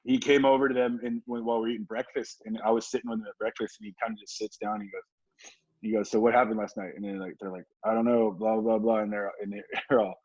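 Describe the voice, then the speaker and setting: A man's voice: lowish voice, flat delivery, quick pace, darkish tone, no room sound. Laid-back man telling stories. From Southern California. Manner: laid-back, laughing, swearing, many fillers like "like". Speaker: podcast guest, former football player. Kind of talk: casual storytelling. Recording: dull, dry podcast recording.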